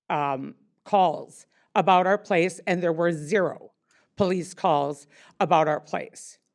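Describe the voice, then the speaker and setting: A woman in her sixties, a wine bar owner speaking unprepared at a public meeting, rambling with many fillers and restarts. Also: on the low side. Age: 60s.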